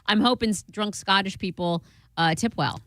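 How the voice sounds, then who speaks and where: A woman's voice: medium pitch, fairly bright tone, no echo, clean studio sound. A female radio co-host in casual chat, reacting and asking questions. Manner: chatty, reacts with quick laughs and questions. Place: radio studio. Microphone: studio mic.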